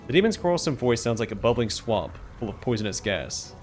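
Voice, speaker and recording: A man's voice: mid-range voice, sing-song, a little fast, few pauses, a little mellow, faint music behind. A man hosting a let's play, reading the game's narration aloud and adding casual asides. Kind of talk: reading game text and commenting while playing.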